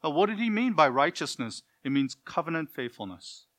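A man's voice: a little high, sing-song, fairly quick. Earnest preacher man, pleading questions. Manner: earnest, pleading, swings between loud emphasis and quiet; asks the listeners direct questions. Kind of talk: sermon.

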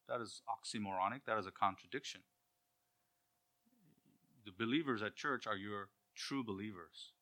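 Brief: male preacher, conversational sermon, bright and forceful tone. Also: fairly low pitch. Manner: conversational, rhetorical questions, acts out quotes.

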